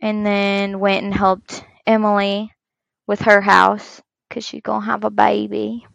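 Gravelly-voiced mom swearing casually. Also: female voice, medium pitch, measured pace, no echo, rough recording. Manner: swears a lot, animated storytelling. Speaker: podcast co-host. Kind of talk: casual chat.

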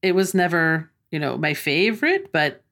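A middle-aged woman co-hosts a podcast, talking easily and reminiscing with a ready laugh. Her voice sits a little low for a woman. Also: normal speed. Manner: relaxed, reminiscing, easy laughter. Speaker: podcast co-host. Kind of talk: casual podcast chat.

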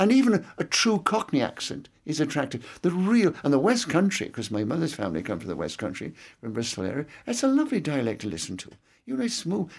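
A man's voice: on the high side, vocal fry, a little mellow, slightly rough. An older man with an English accent, reminiscing at length in an interview, with an expansive and anecdotal manner. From England. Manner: expansive, anecdotal, fond of digressions.

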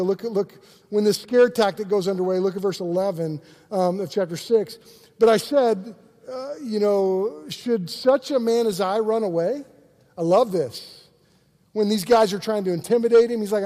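Man pastor, high mellow voice, energetic sermon, acts out quotes, church hall reverb. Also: moderate pace.

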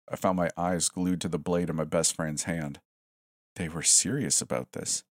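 A man with a very low voice narrates a horror story in a steady, tense way. His delivery stays even and measured, and the recording is close and dry with no room sound. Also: no room sound.

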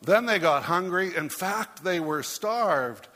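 Pastor telling a rhyming story in a hall. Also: male voice, high voice, animated, takes it slowly, pushed and bright. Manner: playful storyteller who puts on voices for the characters. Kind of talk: sermon reading a rhyming story.

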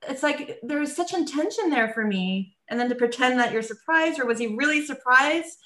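A woman's voice: high voice, lively intonation, normal speed, sharp tone. A woman co-host chatting casually, emphatic, reacting to a guest's story. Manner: emphatic, reacting with short affirmations. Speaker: podcast co-host. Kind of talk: casual chat. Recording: roomy echo.

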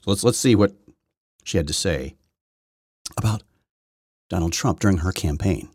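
A man's voice: low-pitched, normal speed, darkish tone, breathy edge, no room sound, studio quality. A middle-aged man hosting an opinion podcast, talking in a sarcastic, mocking way with many repeats and restarts. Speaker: podcast host. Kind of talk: opinion commentary monologue.

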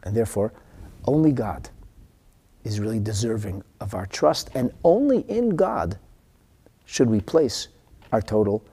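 A man teaching a husky voice that swings widely in pitch, rising high when stressing a point and sinking to a hushed whisper. He mixes in in style, sounding like a spirited study-hall lecture. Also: measured pace, pauses often. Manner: animated, drops to whispers for emphasis. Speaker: Torah teacher. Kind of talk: lecture on a religious text.

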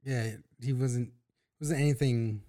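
A man's voice: mid-range voice, steady tone, measured pace, warm tone. A man in a casual gaming chat who speaks in blunt, short remarks. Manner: blunt, terse interjections.

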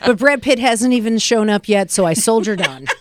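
A woman's voice: mid-range voice, animated, moderate pace, very noisy. A woman, a mother, co-hosting a podcast in casual chat, swearing a lot and joking as she acts out quotes. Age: adult with a child. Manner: profane, jokey, acts out quotes. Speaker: podcast co-host.

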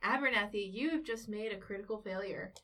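A woman's voice: medium pitch, fairly quick, bright, forceful tone, faint music behind. Woman running a tabletop game, a bit far off. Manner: conversational, hesitant, breaks into character voices. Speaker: game master. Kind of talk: narrating and voicing characters in a tabletop game.

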